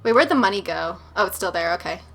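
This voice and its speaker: A woman's voice: mid-range voice, expressive, fast talker, gravelly, fairly bright tone, faint music behind. A young woman hosting a let's play, chatty and opinionated, giggling often and saying "like" a lot. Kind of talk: casual gameplay commentary.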